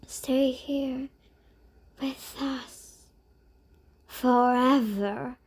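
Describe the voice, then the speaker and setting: Brief: woman reader doing storybook ghost girl, high, whispery, slow, eerie. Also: steady tone, breathy edge, exaggerated voice. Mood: eerie, longing.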